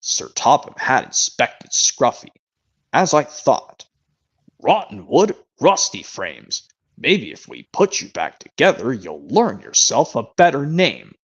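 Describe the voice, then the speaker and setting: A calm storybook narrator reads a children's tale slowly and deliberately, as a man imitates him. His pitch moves lively through the lines, and the sound is dull and lo-fi. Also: slightly rough, full character voice. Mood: storytelling. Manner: slow, deliberate storytelling read. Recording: dull lo-fi stream mic.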